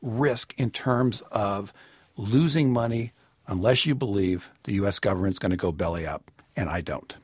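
A man on a radio call-in show, giving personal finance advice in a measured, explanatory way. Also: on the low side, husky, no echo. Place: radio studio.

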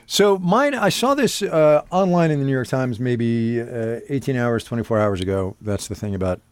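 Lively chatty male podcast host. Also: mid-range voice, normal speed, clear, resonant tone, no room sound. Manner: relaxed, chatty, lots of fillers. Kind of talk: casual chat.

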